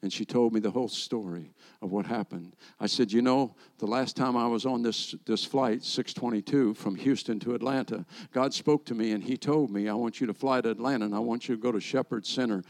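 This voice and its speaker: A man's voice: medium pitch, fairly quick, few pauses. A middle-aged man, a rabbi, preaching a sermon and telling stories while acting out the dialogue. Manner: animated storyteller acting out dialogue. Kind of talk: sermon storytelling.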